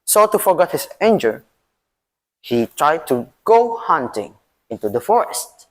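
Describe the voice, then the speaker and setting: A man's voice: a little high, very animated. A teenage boy from Indonesia telling a story dramatically in a school speaking competition. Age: teens. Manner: dramatic, swinging delivery with long pauses. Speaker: student storyteller.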